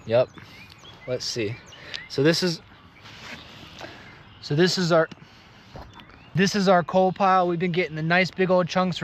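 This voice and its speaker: A man's voice: a little high, a little hiss or hum. A man casually vlogging outdoors, chatty and joking as he explains planting trees. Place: outdoors in fields.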